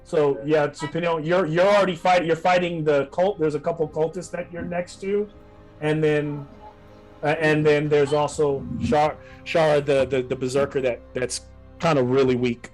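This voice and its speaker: A man narrating as game master of a tabletop game over an online call, with halting, descriptive narration full of restarts. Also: on the high side, steady tone, faint music behind.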